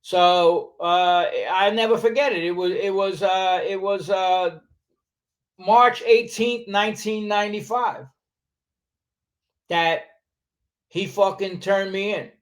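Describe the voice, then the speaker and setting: This podcast guest, a New York man in his 60s, tells a story slowly, with long pauses. His voice is high for a man, and his style is animated and streetwise, full of profanity and acted-out lines from other people, in a casual interview.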